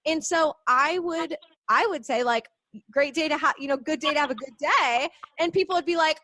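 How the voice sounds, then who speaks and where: Young woman podcast host, high and bubbly, close dry sound, animated storyteller. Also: a little fast, no echo. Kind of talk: casual podcast chat.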